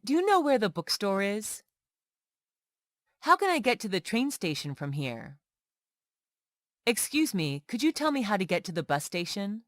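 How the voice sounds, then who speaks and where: A woman reading everyday English example sentences one by one for learners, slow and clear. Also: medium pitch, no room sound, studio quality. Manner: slow, clear, lively intonation on questions. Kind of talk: slow scripted reading of phrases.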